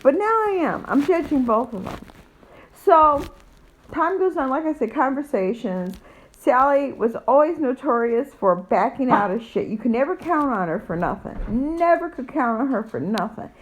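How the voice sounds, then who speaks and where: A woman's voice: sits high, expressive, moderate pace, poor audio. A middle-aged woman telling a personal story in a blunt, profane, rambling way, full of fillers. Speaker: vlogger. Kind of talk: casual storytelling.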